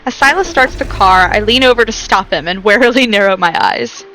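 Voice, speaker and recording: A woman's voice: medium pitch, a little fast, a bit bright, low-quality recording. A young woman streaming a romance game, reading narration and her own lines aloud and chatting between them.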